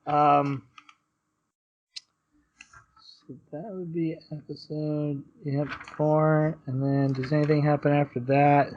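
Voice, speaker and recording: A man's voice: a little high, little pitch movement, slow pace, long pauses, dull audio, slight background noise. A man co-hosting a podcast, recapping episodes in casual chat and acting out characters' lines as he goes. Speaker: podcast co-host.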